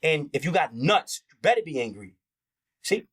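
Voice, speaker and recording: A man's voice: a little high, very animated, moderate pace, a bit bright, husky. A man talking as an interview guest in a heated, candid conversation, impassioned and profane, acting out the voices he quotes.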